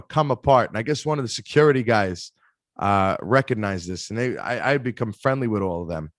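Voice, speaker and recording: A man telling animated stories in a casual interview, acting out other people's voices, with frequent restarts. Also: medium pitch, no echo, clean studio sound. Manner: animated storyteller, acts out quoted voices, many restarts. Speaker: interview guest, performer.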